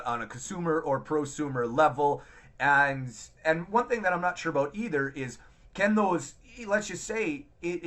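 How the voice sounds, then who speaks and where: A man's voice: on the high side, bright, forceful tone. A man hosting a casual live chat, thinking aloud with many restarts and fillers while answering viewer comments. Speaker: livestream host.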